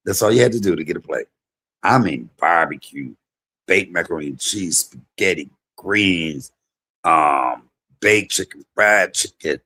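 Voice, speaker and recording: Husky low-voiced man telling stories. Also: moderate pace. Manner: animated, loud imitations of his mother. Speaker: comedian and vlog host. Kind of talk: casual storytelling monologue.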